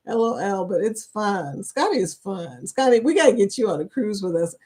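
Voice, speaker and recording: A woman's voice: medium pitch, lively intonation, normal speed, a little mellow. A woman hosting a live stream chat, reading viewer comments aloud, laughing often and speaking. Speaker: livestream chat host.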